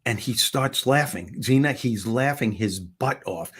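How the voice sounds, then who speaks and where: Husky-voiced man telling a story. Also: medium pitch. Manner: lively, with quick restarts and self-corrections. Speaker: guest, motivational speaker and former comedian. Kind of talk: animated storytelling in a conversation.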